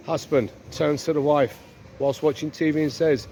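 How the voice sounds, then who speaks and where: Gravelly man joking with his viewers. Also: on the high side, fairly even intonation, normal speed, mellow, a little hiss or hum. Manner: self-deprecating asides to viewers. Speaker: comedy sketch host. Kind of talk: casual comic skit narration.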